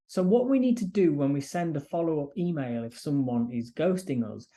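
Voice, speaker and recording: A man's voice: on the high side, dark tone. A man coaching freelancers, speaking directly and acting out sample emails and client replies. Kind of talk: advice talk to camera.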